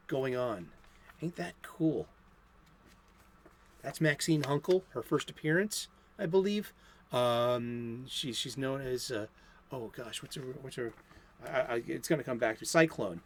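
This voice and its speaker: A man's voice: medium pitch, slow pace, long pauses, slightly rough. A man hosting a daily comic book talk show, chatting loosely and enthusiastically with many restarts and fillers, recorded lo-fi at home. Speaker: comic book channel host. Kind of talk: unscripted casual chat.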